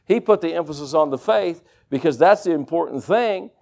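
Animated high-voiced male preacher. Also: a little fast, vocal fry. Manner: animated, conversational, folksy asides. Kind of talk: sermon. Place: church service with congregation.

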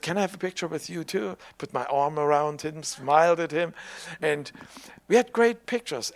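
Delivering a sermon framed as a personal story, this older man has a voice on the high side, recorded without echo. His delivery is conversational and hesitant with restarts, and he performs the lines of dialogue he retells.

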